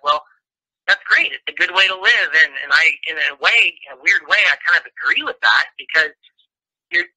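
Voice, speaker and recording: A man's voice: a little high, animated, moderate pace, pushed and bright, breathy edge, poor audio. A man as a guest in an interview, talking casually and rambling with many restarts.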